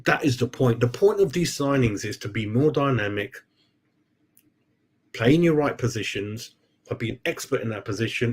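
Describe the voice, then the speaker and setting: Chatty football fan host. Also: male voice, medium pitch, normal speed, a little mellow. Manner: chatty, blokey, addresses viewers as mate. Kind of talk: casual live-stream football chat. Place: home room.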